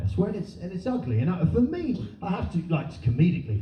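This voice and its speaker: A man's voice: high voice, very animated, fairly quick, dark tone. A man from Britain performing a sardonic, profane live stand-up set to an audience. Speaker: stand-up comedian. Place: comedy venue with audience. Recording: roomy live venue miked from far, dull.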